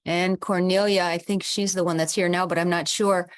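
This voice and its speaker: A woman's voice: lowish voice, little pitch movement, normal speed. A woman hosting the close of an online summit over a video call, effusive and heartfelt, leading a guided visualization. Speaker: summit host. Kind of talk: closing remarks on a video call.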